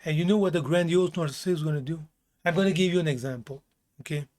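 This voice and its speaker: A man with a slightly high voice delivers blunt self-help talk, straight to the viewer. He swears freely and hammers his points by repeating them. His grammar slips here and there as he speaks. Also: fast, darkish tone. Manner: blunt, emphatic, swears often, repeats phrases. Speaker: vlogger giving life advice. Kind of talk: casual self-help rant.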